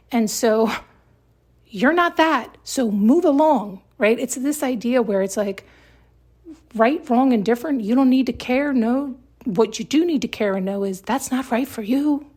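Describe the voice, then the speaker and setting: A woman talks through self-help advice in a breathy, slightly high voice. She speaks with emphasis and loops back over her points. She keeps checking in with the listener. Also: a little mellow. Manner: emphatic, repetitive, frequent tag questions. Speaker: podcast host.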